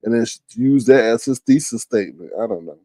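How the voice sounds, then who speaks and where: A man's voice: mid-range voice, brisk, creaky, mellow, no room sound. Blunt, slangy man chatting on a live stream. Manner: chatty, talks straight to viewers by name, slangy and blunt. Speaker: live stream host reading chat. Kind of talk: casual commentary stream.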